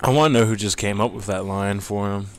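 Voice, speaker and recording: A man's voice: on the low side, steady tone, fast talker, slight background noise, poor audio. A man co-commenting on a let's play, rambling through goofy banter. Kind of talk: casual gameplay commentary.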